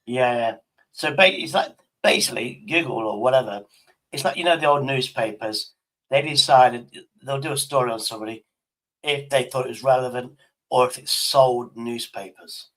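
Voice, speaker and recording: A man's voice: medium pitch, moderate pace, fairly bright tone, low-quality recording. A man, a streamer chatting casually, rambling and swearing. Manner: rambling, sweary, restarts his sentences. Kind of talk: casual chat with an AI.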